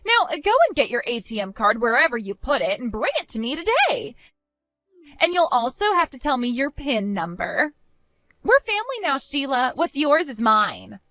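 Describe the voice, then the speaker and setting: A woman's voice: high-pitched, very animated, moderate pace, sharp tone, no room sound, heavily acted. A woman voicing a greedy, entitled young sister-in-law with a whiny, sing-song, demanding manner in a voiced story drama. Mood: scheming.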